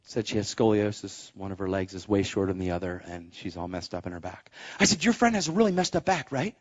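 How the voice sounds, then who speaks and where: Animated preaching man, lively pitch. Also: fast, lo-fi sound. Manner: animated, acts out quoted voices; exhorting, rising to shouts. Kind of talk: sermon storytelling.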